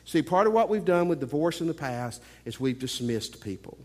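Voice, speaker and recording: A man's voice: a little high, animated, normal speed, darkish tone. Joking preacher man in a reverberant hall. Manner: joking, emphatic preacher with playful asides. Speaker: pastor. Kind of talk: sermon.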